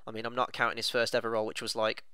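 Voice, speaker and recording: A man's voice: on the low side, monotone, racing, sharp tone, clean tone, no echo. A man co-hosting a casual film review, chatting enthusiastically with plenty of "you know" fillers.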